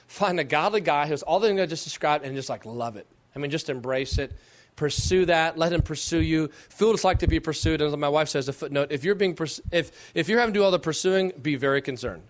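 A middle-aged pastor speaks with a fairly high voice. He takes questions from young women in an animated preaching manner. He leans into slow, emphatic phrases that rise as he presses a point.

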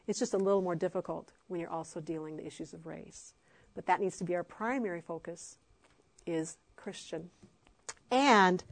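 A woman's voice: lowish voice, fairly even intonation, moderate pace, creaky, husky. A middle-aged woman, an adoptive mother, speaking with passion and emphasis in a faith-based talk to parents, with frequent fillers.

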